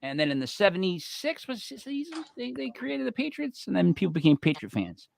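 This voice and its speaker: A man with a New York Italian accent, co-hosting a casual chat with animated, joking talk. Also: sits high, fairly quick, creaky, slight background noise. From Rhode Island. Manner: animated, talks over others, joking. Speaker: co-host.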